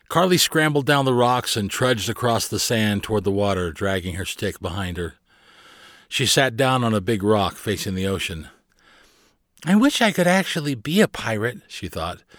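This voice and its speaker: A man narrating a children's storybook aloud with expressive, lively storytelling, close to the mic. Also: on the low side, dry recording. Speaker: audiobook narrator.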